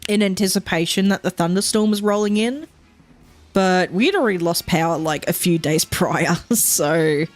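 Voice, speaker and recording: A woman's voice: on the low side, moderate pace, faint music behind. A woman streamer chatting casually while playing a game at home, rambling, swearing often and laughing a lot.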